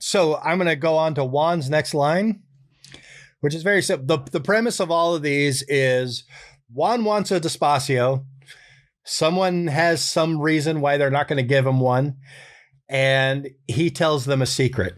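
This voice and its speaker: A man recording his own character voices and calmly explaining his process, relaxed, thinking aloud and amused at himself. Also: on the high side, unhurried. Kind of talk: casual behind-the-scenes explanation.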